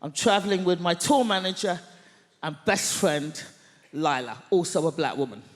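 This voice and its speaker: A woman stand-up comedian telling a story on a large theatre stage, loud and theatrical. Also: fairly low pitch, expressive, normal speed. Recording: echoey theatre hall, faint noise.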